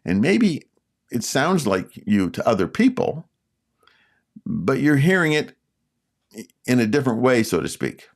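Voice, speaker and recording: An older Canadian man with a Canadian accent and a raspy, sore voice, hosting his channel and giving rambling casual advice with many fillers and restarts. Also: medium pitch, big pitch swings, a little slow, long pauses. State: sore throat. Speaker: YouTube channel host.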